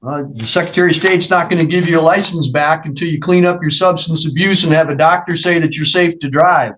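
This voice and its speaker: Firm questioning judge, muffled sound. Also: male voice, fairly high pitch, a little fast, fairly bright tone. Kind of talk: questioning in a court hearing.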